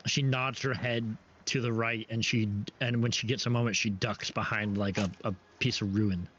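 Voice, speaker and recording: A man narrating as game master for a tabletop game, halting and full of restarts. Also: medium pitch, flat delivery, a bit bright, a little hiss or hum. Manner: halting, many restarts and fillers. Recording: dull lo-fi stream audio.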